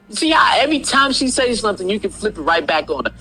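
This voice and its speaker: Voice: mid-range voice, expressive, fast talker, hardly any pauses, bright, forceful tone, husky, faint music behind. A speaker in a played video clip, ranting in a confrontational, repetitive, scolding way.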